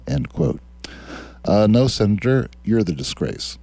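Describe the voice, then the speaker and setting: Low husky sarcastic radio host. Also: male voice, sing-song, unhurried, warm tone, no room sound. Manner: sardonic, mocking. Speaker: radio talk show host. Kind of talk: sarcastic political commentary, reading quotes aloud. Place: radio studio.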